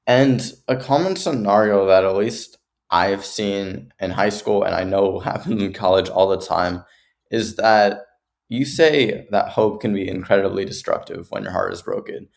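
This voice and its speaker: A man's voice: sits low, creaky. A young man interviewing an advice guest, who thoughtfully sets up his questions at length.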